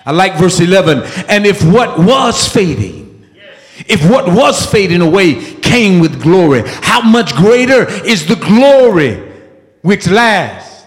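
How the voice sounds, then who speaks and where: A man preaching a sermon with fervor, shouting, peppering his lines with "uh" and exclamations of praise. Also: sits high, big pitch swings, takes it slowly. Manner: fervent, shouting, with frequent "uh" and "woo, Jesus" exclamations. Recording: echoey hall.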